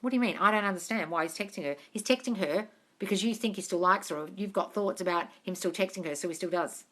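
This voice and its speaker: An Australian woman with a bright, forceful voice runs a casual live Q&A from home. She reads viewer comments aloud and answers them frankly, swearing without much hesitation and calling everyone darling. Her delivery sounds like she is talking into a phone on a live stream. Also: mid-range voice, fast talker. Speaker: manifestation coach.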